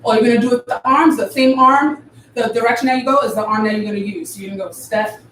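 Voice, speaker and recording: Dance teacher calling rhythms, echoey. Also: female voice, fairly high pitch, fairly even intonation, quick pace, fairly bright tone. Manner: counts rhythms aloud with vocal syllables. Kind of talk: live online dance class instruction. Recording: echoey room from far off, faint noise.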